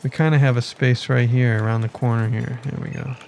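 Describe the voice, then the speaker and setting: A man's voice: medium pitch, steady tone, brisk, gravelly, darkish tone, slight background noise. A man giving casual commentary on his city-building game, thinking aloud and chatting to his villagers as he plays. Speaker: let's play gamer.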